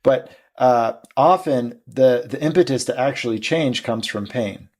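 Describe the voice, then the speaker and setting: A man's voice: mid-range voice, a little slow, a little mellow. A man hosting a conversational interview, asking questions hesitantly. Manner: hesitant, many fillers and restarts. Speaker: podcast host.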